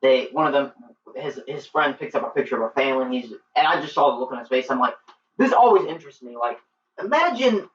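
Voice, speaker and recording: A man's voice: medium pitch, expressive, fast, slight background noise. A man giving a casual film review, retelling the plot in a rambling way and filling his talk with "like". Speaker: movie reviewer. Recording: roomy, distant, dull lo-fi sound.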